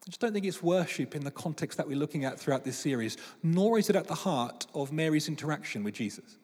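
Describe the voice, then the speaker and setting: Lively preacher in a reverberant hall. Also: male voice, fairly high pitch, breathy edge. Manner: lively storytelling with playful acted voices. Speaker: pastor. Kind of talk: sermon. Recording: long reverb of a large hall.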